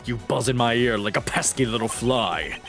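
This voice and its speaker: Haughty aging ambassador, low and condescending, put on by a man. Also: animated, moderate pace, a bit bright, faint music behind, lightly acted. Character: pompous older male ambassador, smug.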